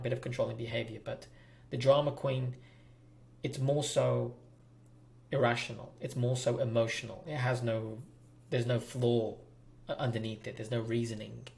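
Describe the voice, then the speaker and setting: A man's voice: mid-range voice, gravelly, a little mellow. A man hosting a relationship advice talk, speaking bluntly and preachily straight to his viewers. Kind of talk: direct-to-camera advice monologue.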